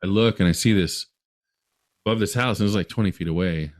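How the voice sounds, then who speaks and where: A man's voice: low voice, fast talker. A man from Utah, a podcast guest, telling a long story in a rambling way with many restarts.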